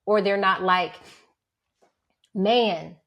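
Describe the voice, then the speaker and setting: A woman co-hosting a podcast in casual chat, telling lively stories about raising her kids and acting out what people said. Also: medium pitch, very slow. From single mother of several children. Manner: animated storyteller, acts out quotes. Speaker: podcast co-host.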